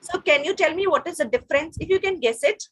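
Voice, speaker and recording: A woman with an Indian English accent teaches French to children over a video call, patiently repeating phrases for the pupils to echo. Her voice is extremely high and a bit bright, and she talks quickly.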